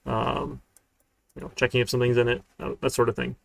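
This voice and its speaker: Speaking fairly quickly with little pitch movement, a university programming instructor delivers a live-streamed coding lecture. His medium-pitched, creaky voice stays casual and chatty, punctuated by frequent "right?" check-ins.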